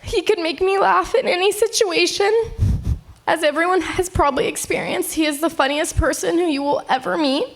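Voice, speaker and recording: High-voiced eighteen-year-old woman reading a eulogy. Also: moderate pace. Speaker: eulogy speaker, eldest daughter. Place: memorial gathering.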